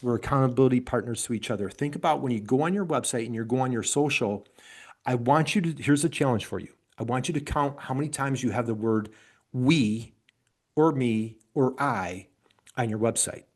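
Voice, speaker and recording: An enthusiastic middle-aged man with an upstate New York accent presents a business webinar at an ordinary male pitch, his tone a little mellow. He's motivational and keeps throwing questions at his audience, heard through a computer mic on a video call.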